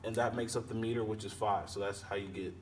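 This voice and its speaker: A man teaching poetry meter, explaining slowly with pauses and self-corrections. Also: on the low side, steady tone. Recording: distant mic with faint background noise.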